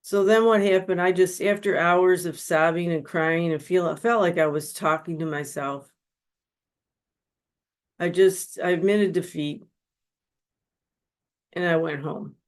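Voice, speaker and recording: A woman on the low side, with fairly even intonation, speaks at a measured pace broken by long pauses. She is a spiritual counselor giving an earnest, confessional personal testimony as a webinar guest speaker, heard on a webinar microphone.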